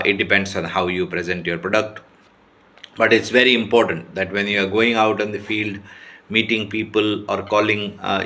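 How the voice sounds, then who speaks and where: A man teaching sales skills in an informal talk to camera, often checking in with his listeners and pausing on fillers. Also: lowish voice, fairly bright tone. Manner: repeats checking questions and hesitates with many fillers. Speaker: sales trainer.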